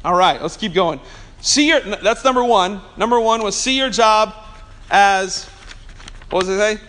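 A man with a notably high-pitched voice preaches to his congregation in a church. He keeps it conversational, teasing people in the pews and asking for an amen now and then. His tone is that of a pastor chatting from the pulpit more than an orator. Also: measured pace, fairly bright tone. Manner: calls for amens from the congregation. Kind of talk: sermon.

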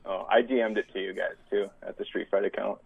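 A male caller on the line, brief and upbeat as he signs off. His low voice has a gravelly edge. It comes through a thin, tinny phone line. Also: steady tone, quick pace, background noise.

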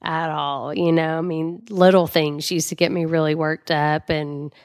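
A middle-aged woman talking candidly as an interview guest, telling stories in a chatty, animated way with lots of fillers. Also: sits low, unhurried. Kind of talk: candid conversational storytelling.

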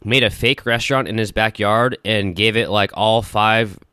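A man's voice: on the low side, fairly even intonation, moderate pace, pushed and bright, clean tone, no room sound, clean studio sound. A man co-hosting a podcast, rambling and swearing in casual banter about movies, laughing often. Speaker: podcast co-host.

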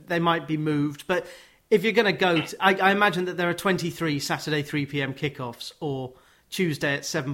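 A man's voice: fairly high pitch, a bit bright. A man hosting a football podcast, chatting casually with wry, joking asides. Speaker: podcast host. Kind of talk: casual chat.

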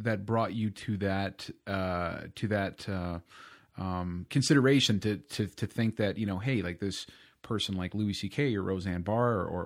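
Male podcast host, somewhat low voice, rambling and full of restarts. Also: darkish tone. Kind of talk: casual interview chat.

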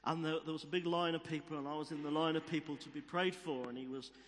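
A man's voice: on the high side, steady tone, quick pace, a little hiss or hum. A man preaching a sermon, telling stories and repeating key phrases for emphasis. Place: church hall. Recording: long reverb of a church hall.

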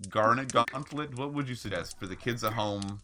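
A man's voice: mid-range voice, moderate pace. A man hosting a podcast in casual chat, joking crudely and swearing freely. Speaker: podcast host. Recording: noisy background with clicks.

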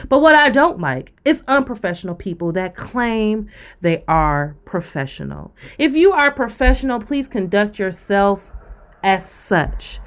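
A woman, co-hosting a podcast and ranting bluntly with profanity. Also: mid-range voice. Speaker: podcast co-host. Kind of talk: casual rant on a podcast.

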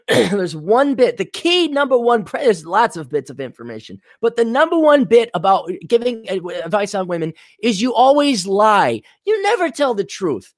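A man's voice: high voice, moderate pace, no echo, clean studio sound. A man hosting a podcast, ranting in a casual, comedic way and swearing often as he tells stories. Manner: profane, animated storytelling with quoted voices. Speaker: podcast host.

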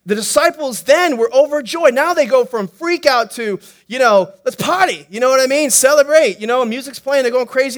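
A male pastor preaching a sermon in an animated, playful way, joking and asking the congregation questions. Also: very high-pitched, a little fast, hardly any pauses. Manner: animated, playful preaching with jokes and acted-out quotes.

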